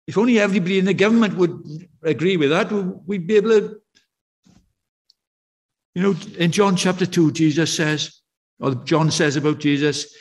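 A man's voice: high voice, moderate pace. A man preaching a sermon in a church, talking in a conversational way, telling stories and asking his listeners questions. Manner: conversational, anecdotal, full of rhetorical questions.

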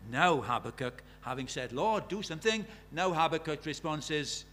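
Male preacher, high voice, chatty sermon with questions to the pews, scripture read with rising force. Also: expressive, normal speed, few pauses, fairly bright tone, a little hiss or hum. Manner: conversational, asks the congregation many questions.

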